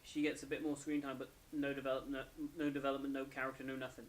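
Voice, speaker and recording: A man's voice: medium pitch, flat delivery, fast, a little hiss or hum. Tired man rambling through a review. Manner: rambling, self-correcting. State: tired, yawning. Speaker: anime reviewer. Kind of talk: casual episode review.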